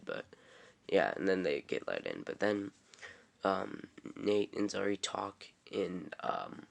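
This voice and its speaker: Low gravelly young man recapping casually. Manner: rambling, filler-heavy, offhand. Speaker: TV episode reviewer.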